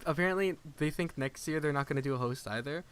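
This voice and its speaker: A man's voice: on the high side, fast, a bit bright. A young man talking casually on a podcast, joking and laughing often. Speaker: podcast guest. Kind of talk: casual chat.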